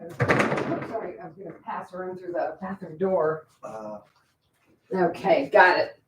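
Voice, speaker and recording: A woman's voice: fairly low pitch, measured pace, very noisy. A woman who practices Reiki, chatting casually on a livestream at home at night and cooing to her dogs in baby talk.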